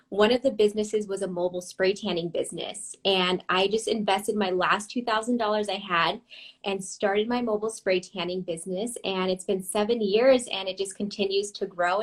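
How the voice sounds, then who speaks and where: A young woman from Los Angeles, a businesswoman guest, talking about her career in an easygoing, friendly way. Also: medium pitch. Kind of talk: casual interview chat.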